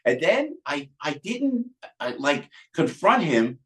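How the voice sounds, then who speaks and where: Animated older man with a New Jersey accent. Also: slow. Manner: lively, acts out other people's lines with big pitch jumps. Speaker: guest. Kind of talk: animated storytelling.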